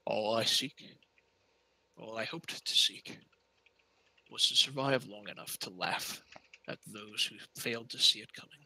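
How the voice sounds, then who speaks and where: Man doing a fatalistic captured foe, tabletop game, low, grim, contemptuous, bright tone. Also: measured pace, gravelly, long pauses, dry recording, exaggerated voice, rough recording.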